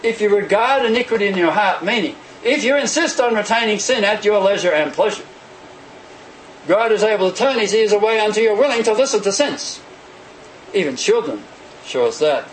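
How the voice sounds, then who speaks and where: A man preaching a sermon in an animated way, often acting out the voices of the people he quotes. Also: high voice, fairly quick, a little hiss or hum, poor audio.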